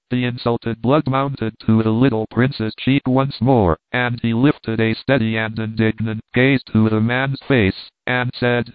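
A man narrating a classic novel in a measured, even way. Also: mid-range voice, clean tone, no echo. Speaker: audiobook narrator. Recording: tinny phone-like sound, dry.

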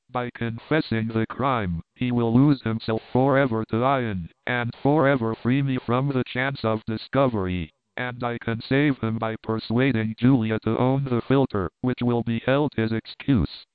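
A cold, commanding older Egyptian schemer speaks in a grave, measured way, as a male reader puts him on. The voice is crisp and dry, but the sound is thin and tinny, like a phone line. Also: medium pitch, no echo, natural voice.

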